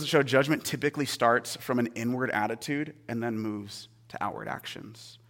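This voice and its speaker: A young adult man giving a casual, conversational sermon as a pastor, swinging between hushed asides and excited storytelling. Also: mid-range voice, fairly quick, few pauses.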